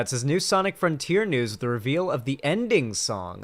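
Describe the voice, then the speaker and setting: Male streamer, mid-pitched, casual crude sarcastic banter to chat. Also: wildly swooping pitch, moderate pace, a bit bright.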